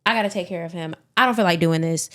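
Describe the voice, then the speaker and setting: A woman's voice: lowish voice, fast talker, close to an everyday voice. Woman doing a fed-up ranting caretaker. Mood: exasperated. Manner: exasperated ranting. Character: fed-up, foul-mouthed middle-aged woman caretaker.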